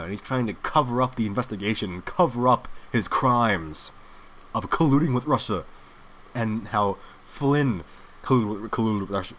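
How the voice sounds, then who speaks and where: A young man hosting his own commentary show, delivering a heated political monologue full of filler words. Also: medium pitch. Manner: animated, heated, with many filler likes. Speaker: host.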